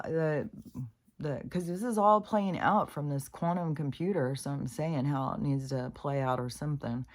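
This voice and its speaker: A woman's voice: low-pitched, a little mellow. A woman in a casual, rambling spiritual vlog, talking frankly to her viewers, swearing freely and ranting at times. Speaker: spiritual vlogger.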